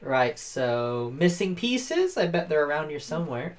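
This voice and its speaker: A man's voice: a little high, big pitch swings, measured pace. A man hosting a gaming video, chatting casually and laughing easily. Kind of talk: casual let's-play chat.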